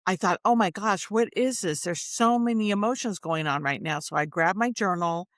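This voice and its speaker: A woman at a middle pitch talks candidly and reflectively, opening up about her emotions with earnest feeling. The sound is dry and close, with no room in it. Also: moderate pace, no echo. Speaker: show host in recovery. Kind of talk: candid conversation.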